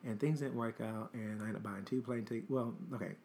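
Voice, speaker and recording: A man casually recounting a personal story as a podcast host, chatty and animated, full of filler words and swearing. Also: fairly low pitch, brisk, gravelly, slight background noise.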